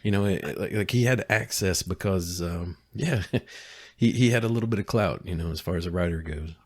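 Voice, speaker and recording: Deep low-voiced guy cohosting a podcast, lots of um and restarts, dry close sound. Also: normal speed, no echo. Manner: hesitant, many restarts and fillers. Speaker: podcast co-host. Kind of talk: casual chat.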